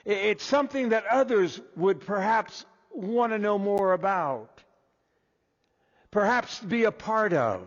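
A man preaching a sermon as pastor, deliberate and restarting his first words. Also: high-pitched, lively intonation. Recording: dull lo-fi echoey hall.

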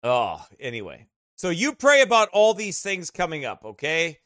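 A man from the United States, a pastor telling stories in casual chat before leading a Bible study, animated and laughing as he talks. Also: fairly high pitch, normal speed, no echo, studio quality.

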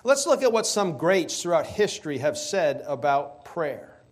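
A man preaching a sermon, stressing key words slowly and asking rhetorical questions. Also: a little high, very animated.

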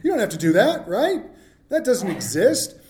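Man, pastor, sermon, humorous, conversational, questions to the congregation, somewhat high voice, echoey room. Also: very animated, normal speed, darkish tone, slight background noise.

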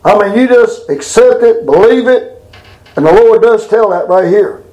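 High-voiced preacher man. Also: animated, mellow, echoey room, highs cut off. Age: older. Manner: colloquial, drawls scripture slowly and with emphasis. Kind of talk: folksy sermon.

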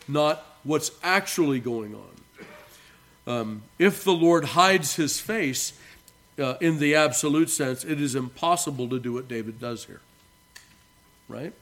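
A male pastor giving an earnest expository sermon, repeating key phrases for emphasis, with halting restarts between phrases. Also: a little high, fairly bright tone.

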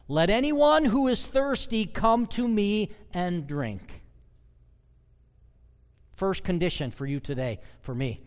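A man preaching a sermon as a pastor, emphatic and swinging between loud declarations and quiet asides. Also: fairly high pitch, big-room sound.

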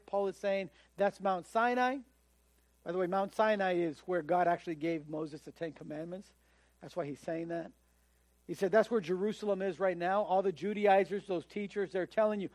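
Guy preaching, pretty high voice, chatty style, slips into little quoted voices, dry sound. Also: normal speed, darkish tone, no echo. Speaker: pastor. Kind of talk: sermon.

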